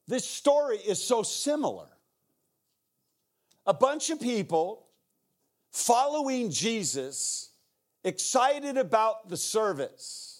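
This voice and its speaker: A middle-aged man preaching as a guest speaker, telling an animated story and acting out the people in it, with playful asides. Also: high voice, slow pace, pauses often. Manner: animated, acts out the people in his stories. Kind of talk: sermon storytelling.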